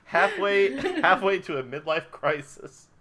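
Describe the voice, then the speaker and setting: A man's voice: fairly high pitch, unhurried, a crowd in the background. A man who produces an improv comedy stream, bantering casually and joking as he reads audience suggestions.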